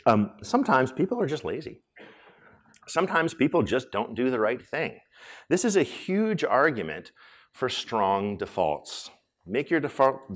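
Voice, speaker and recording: A man in his forties giving a conference talk, animated and joking, with lots of "um" and "like" fillers. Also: fairly low pitch. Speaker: conference speaker. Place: conference hall.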